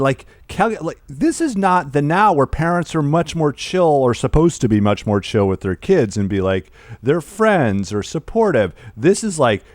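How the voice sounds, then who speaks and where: A man co-hosting a podcast, retelling film scenes in an animated, laughing way. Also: on the high side, dry recording, clean studio sound. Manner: animated storyteller, laughs often, acts out film lines. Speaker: podcast co-host. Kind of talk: casual film discussion.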